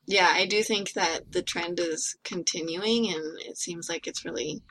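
A woman's voice: on the low side, measured pace. Chatty woman podcast co-host. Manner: chatty, relaxed storytelling. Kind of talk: casual podcast chat.

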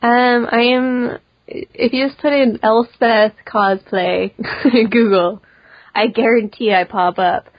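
A young woman talks quickly and casually on a podcast, peppering every sentence with "like" and the occasional curse. Her voice sits a little high. The recording is dry and slightly dull, lo-fi. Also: fairly even intonation, dry recording. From Polish family, grew up in America. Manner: chatty, swears freely, lots of "like". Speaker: podcast guest, cosplayer. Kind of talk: casual chat.

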